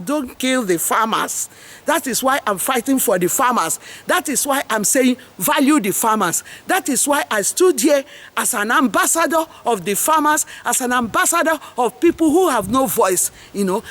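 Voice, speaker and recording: A middle-aged woman with a Nigerian English accent, hosting an impassioned, rambling monologue full of preachy, repeated slogans. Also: sits high. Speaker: host and farmers' advocate.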